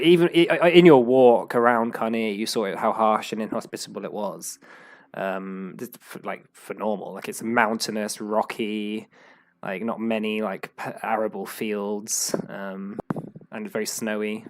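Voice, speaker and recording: A man's voice: lowish voice, flat delivery, moderate pace. A man acting as game master, describing the game world in a rambling way with many restarts. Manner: rambling, full of fillers and restarts.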